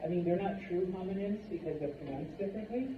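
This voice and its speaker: A man teaching a Spanish class in a classroom, unhurried and checking in often with the students. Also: high voice, recorded from a distance, noisy background. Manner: unhurried, many fillers and check-ins. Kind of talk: classroom lecture. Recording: roomy lo-fi classroom recording from afar.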